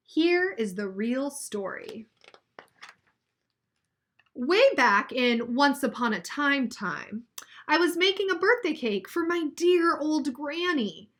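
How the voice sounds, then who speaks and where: A woman reading aloud as a sly, smooth-talking male wolf telling his side of a storybook tale. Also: high-pitched, animated, slow pace, a bit bright, heavily acted. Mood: wry.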